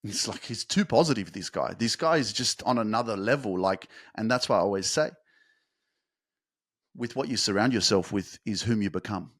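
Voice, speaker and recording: A man hosting a motivational podcast, talking fervently and emphatically, swearing for emphasis and building to fast, intense peaks. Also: on the low side, dry recording, clean studio sound. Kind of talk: motivational monologue.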